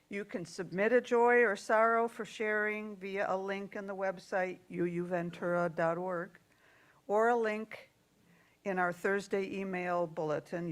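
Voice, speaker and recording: Slow, gentle woman leading worship. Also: medium pitch. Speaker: worship service leader.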